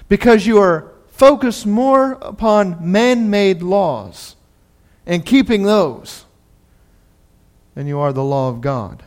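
Brief: male pastor, conversational sermon delivery, high-pitched. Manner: conversational, animated storytelling. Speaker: preacher.

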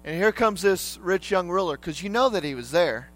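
A man with a fairly high voice preaches a sermon, talking to his listeners as if in conversation. He often checks in with them through quick questions. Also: expressive, a bit bright.

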